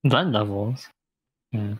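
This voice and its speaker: A man's voice: fairly low pitch, takes it slowly, husky, dry recording, poor audio. A man co-hosting a casual group podcast, dropping in skeptical remarks. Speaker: podcast co-host.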